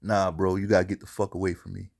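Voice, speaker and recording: A man's voice: low-pitched, level tone, fast, vocal fry, darkish tone. A man hosting a casual commentary show, speaking bluntly and profanely and repeating himself for emphasis. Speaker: commentary channel host.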